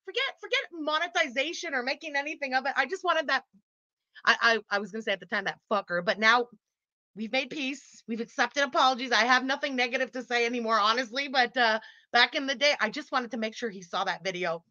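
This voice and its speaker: A Quebec woman with a fairly high, bright, forceful voice talks quickly while hosting a livestream, reading super chats in casual conversation. She laughs a lot, teases her viewers and swears freely, all through a muffled built-in computer mic with no echo.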